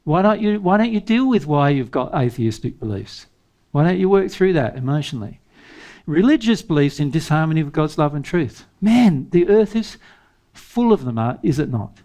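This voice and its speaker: A man with a somewhat high speaking voice leads a spiritual seminar. He talks emphatically, pressing his listeners with rhetorical questions and breaking into short chuckles. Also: sing-song, normal speed, warm tone. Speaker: spiritual teacher. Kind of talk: seminar talk.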